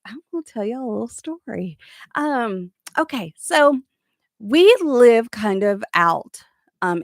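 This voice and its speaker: A woman's voice: on the high side, no echo, studio quality. Chatty Southern woman hosting a live chat. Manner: chatty storyteller who laughs easily. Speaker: host of a live crochet chat. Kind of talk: casual live-stream chat reading viewer comments.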